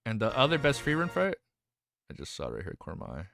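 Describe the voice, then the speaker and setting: A young man hosting a livestream, chatting casually and excitedly about anime, rambling, swearing freely and restarting his sentences. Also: fairly low pitch, quick pace, gravelly, soft background music. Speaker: livestream host. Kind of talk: casual stream chat.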